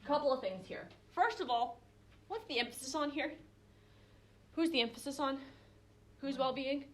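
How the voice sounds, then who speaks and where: A young woman with a high-pitched voice leads a small group Bible study at a moderate pace. She teaches conversationally, acting out quoted voices, with plenty of fillers and restarts.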